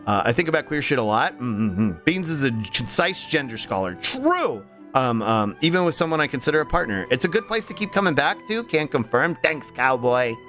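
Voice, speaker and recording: A man's voice: medium pitch, lively intonation, brisk, hardly any pauses, pushed and bright, soft background music. Rambling streamer man with a tired voice. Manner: rambling, many um and uh restarts, laughs easily. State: voice tired and strained. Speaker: livestreamer. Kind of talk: casual stream chat, reading chat aloud.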